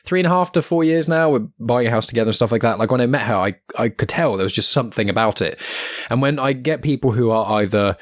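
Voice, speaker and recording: A man's voice: mid-range voice, no room sound, clean studio sound. A man with a Southern English accent, hosting a podcast interview in a rambling, friendly way. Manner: rambling, many restarts and fillers, friendly. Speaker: podcast host. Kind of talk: casual interview chat.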